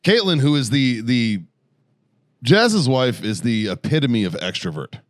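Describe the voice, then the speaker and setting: A man's voice: medium pitch, sing-song, unhurried, dry recording, studio quality. A man co-hosting a podcast in casual chat, laid-back, chiming in often and swearing. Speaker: podcast co-host.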